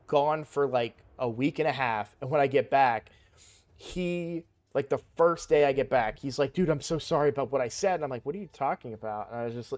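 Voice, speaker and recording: A man's voice: mid-range voice, darkish tone. A young man casually telling a personal story while playing a game, rambling with lots of fillers and restarts. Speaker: gaming streamer.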